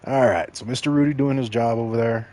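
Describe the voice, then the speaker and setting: A man's voice: mid-range voice, quick pace, darkish tone. A man from Mexico giving casual, joking commentary while streaming a video game and talking straight to his chat.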